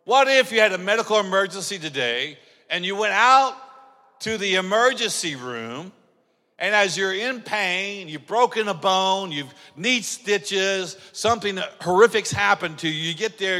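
A man preaching a sermon as pastor, telling stories and acting out dialogue, building up to shouting. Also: high-pitched, a little slow. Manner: animated storytelling, acts out dialogue, builds to shouting. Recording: long hall reverb.

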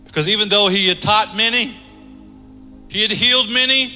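Male pastor, sermon; high-pitched, pushes hard then drops to a hush; long hall reverb. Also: normal speed, faint music behind. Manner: emphatic preaching that swings between loud and hushed.

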